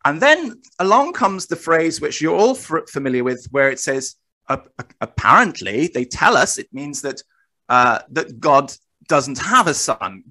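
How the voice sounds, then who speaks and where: A man presenting and explaining slides in a recorded discussion, talking in a measured, self-correcting way. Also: fairly high pitch, pushed and bright. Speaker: guest presenter.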